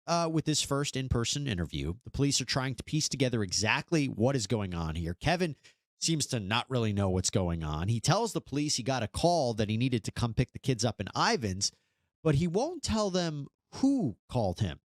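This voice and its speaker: A man's voice: mid-range voice, no room sound, clean studio sound. A man hosting a true-crime news commentary, narrating in a skeptical, wry manner. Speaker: host.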